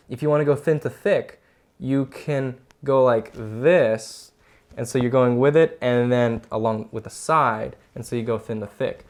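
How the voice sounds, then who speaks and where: A man's voice: mid-range voice, a little mellow. A man co-hosting a casual drawing lesson, explaining step by step while he demonstrates. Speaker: drawing instructor co-host. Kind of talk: casual teaching chat.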